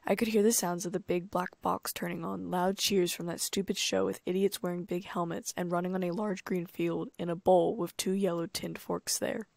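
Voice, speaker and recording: A woman narrating a first-person audiobook in a calm, even storytelling manner. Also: lowish voice, moderate pace, vocal fry, few pauses, no echo, studio quality.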